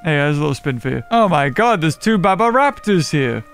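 An excitable man narrating his gameplay in a high voice that jumps all over the place. He laughs often and calls out to the other players as he goes. Faint game music plays underneath. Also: a little fast. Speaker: gaming channel host. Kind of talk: casual gameplay commentary.

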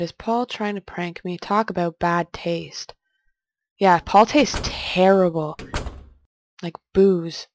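A woman's voice: on the low side, takes it slowly. A young woman casually commenting on a game she is playing, reading its text aloud and joking as she goes. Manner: jokey, chatty, talks to herself. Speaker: let's play host.

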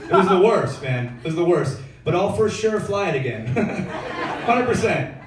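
A man's voice: high-pitched, expressive, measured pace. Laid-back young man doing stand-up. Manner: laid-back, filler-heavy storytelling with slangy asides. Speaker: stand-up comedian. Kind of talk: stand-up comedy set. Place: comedy club stage, live audience. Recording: echoey club room, heard from far off.

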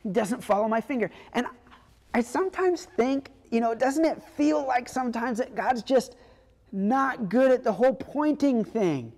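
A woman pastor preaching a sermon in a relaxed, conversational storytelling way. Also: a little high, moderate pace, in a large hall.

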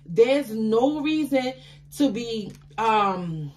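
A woman reading tarot cards for her audience in a slightly high voice. She talks in a chatty, affectionate way and calls the listener baby. She breaks into excited exclamations and laughs, with faint noise in the background. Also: extremely slow. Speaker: tarot card reader. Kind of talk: intuitive tarot reading to viewers.

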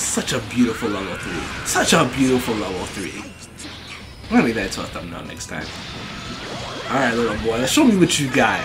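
A man giving excited live commentary over his own fighting game matches, trash-talking his opponent, laughing and shouting often. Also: medium pitch. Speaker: gaming channel host. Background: fighting game music and sound effects.

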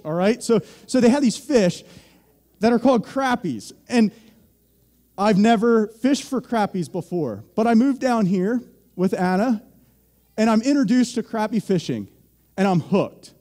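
A man's voice: high voice, animated, a little slow, darkish tone. A young man from Pennsylvania preaching a sermon, telling a joking, self-deprecating story to the church. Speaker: pastor.

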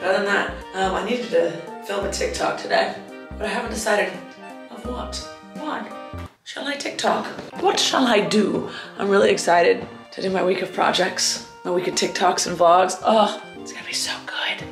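A woman's voice: mid-range voice, moderate pace. A woman vlogging casually at home, chatty and self-mocking, a little short of breath from a cold. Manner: chatty, self-mocking, acts out her own past thoughts. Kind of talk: casual vlog chat. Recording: echoey room with music behind.

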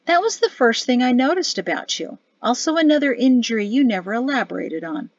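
A curious young wife with a playful, prodding lilt, as a woman reads her. Her questions come a little higher and brighter than the narration. The audio is muffled and dry. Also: lively intonation, brisk, no room sound. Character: curious, witty young wife, teasing and eager.

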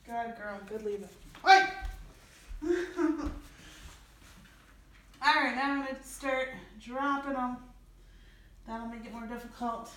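A woman's voice: a little high, fairly even intonation, normal speed, a bit bright. A woman training her dog, giving short commands and praising it in a coaxing voice. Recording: distant mic, very echoey room, faint noise.

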